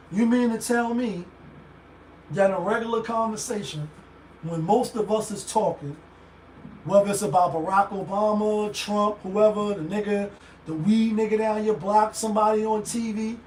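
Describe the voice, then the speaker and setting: A man hosting a casual commentary show, talking in an animated, profane way and acting out the voices he quotes. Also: sits high, fairly quick, slight background noise. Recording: echoey room, voice a bit far from mic.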